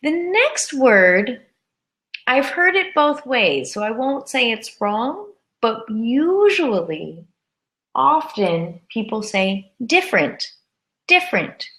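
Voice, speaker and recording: A woman teaching a live English lesson, saying words slowly and carefully and repeating them for learners. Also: on the high side, big pitch swings, a bit bright. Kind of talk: live-streamed grammar lesson.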